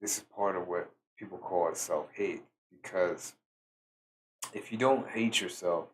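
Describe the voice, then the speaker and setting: A tired man giving a slow, reflective solo talk as a spiritual teacher, pausing often with fillers. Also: low-pitched, slight background noise. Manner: slow, musing, with many fillers.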